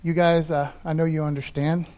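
A male pastor delivers a streamed Sunday sermon in a casual, conversational way, often saying "okay, guys," and stumbles over names while reading scripture aloud. His voice is a little high and dark-toned, with flat delivery at normal speed.

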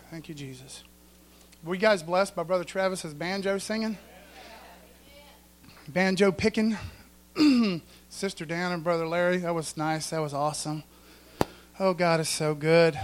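A male preacher, preaching a folksy sermon in church and often asking the congregation if they follow. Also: high-pitched.

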